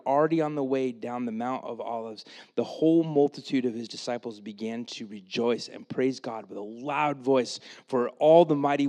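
A man preaching a sermon, retelling the story in a casual, animated way with quoted asides, then dropping to a quiet, earnest tone for his main points. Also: mid-range voice. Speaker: pastor.

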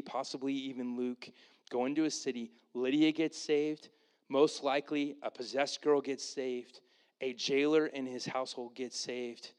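A man preaching a sermon as pastor, reading scripture and acting out the characters with lively voices. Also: medium pitch, clear, resonant tone. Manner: animated, acts out the Bible characters in voices.

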